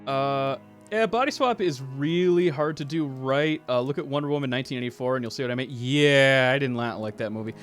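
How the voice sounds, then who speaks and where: A man's voice: mid-range voice, brisk, soft background music. A man streaming a role-playing game, chatting casually with viewers, laughing often and reading dialogue aloud. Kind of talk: casual game commentary with chat.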